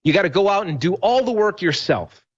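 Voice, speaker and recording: A man's voice: high-pitched, very animated, brisk, slightly rough. Emphatic man on a lo-fi broadcast. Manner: storytelling, emphatic and rambling with restarts. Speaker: radio host guest. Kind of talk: animated talk show conversation.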